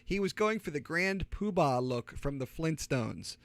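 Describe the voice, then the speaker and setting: A man's voice: fairly high pitch, expressive, unhurried, a bit bright, dry recording. A middle-aged man with a Delaware County Philadelphia accent, chatting casually as a podcast co-host and telling rambling stories full of fillers and restarts. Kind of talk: casual chat.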